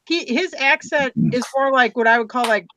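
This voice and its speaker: A woman's voice: sits high, moderate pace, pushed and bright, slight background noise. Chatty Midwestern woman host. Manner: rambling, many fillers. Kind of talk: casual chat.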